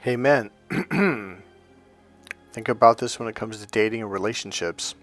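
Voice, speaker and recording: A man's voice: fairly low pitch, measured pace, soft background music. A middle-aged man, a life coach, delivering an emphatic, preachy motivational monologue full of storytelling.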